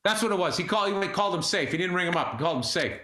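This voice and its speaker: A high-voiced man with a bright, forceful edge, swearing freely as he tells stories in casual podcast chat. His voice bounces around a roomy, echoey studio. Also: racing. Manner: profane, animated storytelling. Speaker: podcast co-host.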